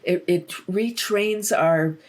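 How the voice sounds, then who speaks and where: A woman's voice: lowish voice, takes it slowly. A woman guest in a casual interview, talking about laughter yoga with lots of laughs and acted-out quotes. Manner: enthusiastic, laughs often, acts out quotes.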